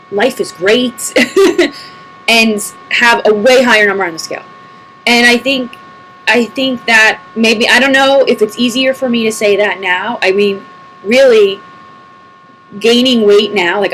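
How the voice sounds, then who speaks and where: A woman's voice: mid-range voice, slight background noise, poor audio. A woman in her thirties, talking casually to her computer at home as she answers viewer questions, rambling and laughing often. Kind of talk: casual chat to camera. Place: empty house, alone at a computer. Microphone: computer mic.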